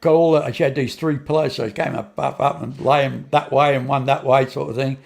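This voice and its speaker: Speaking at a slightly quick pace, the older man has a steady, medium-pitched voice with vocal fry and a slightly mellow quality. He's a guest in an interview, rambling through a long story from his life, often repeating and restarting, and performing the words of the people involved.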